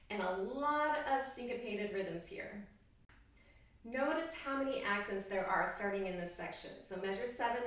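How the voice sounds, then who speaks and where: A woman's voice: medium pitch, fairly bright tone. Upbeat woman teaching in an echoey room. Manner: upbeat, encouraging, sings rhythms aloud. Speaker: oboe professor. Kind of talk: instructional music lesson. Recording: very echoey room, distant mic.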